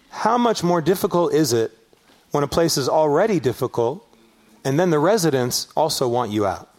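A middle-aged man from Los Angeles preaching a sermon as pastor, telling a story with animated rises and shouted peaks. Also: a little high, moderate pace, a faint crowd, slight background noise. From Los Angeles area, US.

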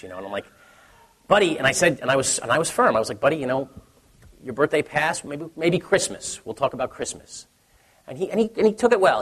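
A man in his thirties gives a sermon in a relaxed storytelling manner, often restarting his sentences. His voice is a bit higher than most men's and husky. The sound carries a long reverb from a large hall. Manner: conversational storytelling with many restarts, acts out his son's excited voice. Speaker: pastor.

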